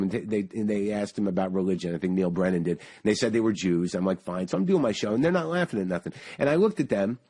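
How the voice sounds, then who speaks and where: A man hosting a casual talk, telling a story with quick restarts and frequent swearing. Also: fairly low pitch, darkish tone. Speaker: podcast host.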